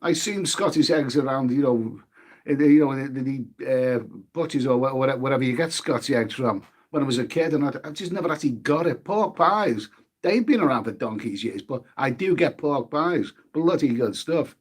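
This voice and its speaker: On a casual live stream, a man with a slightly rough, medium-pitched voice talks at normal speed. He eats while chatting, reads viewers' names and comments aloud, and swears mildly.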